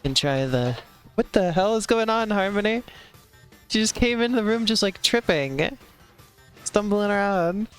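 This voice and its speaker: Game streamer, casual chat, smooth voice, lots of likes and giggles, faint game music. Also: mid-range voice, animated, measured pace. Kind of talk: casual chat while playing a video game.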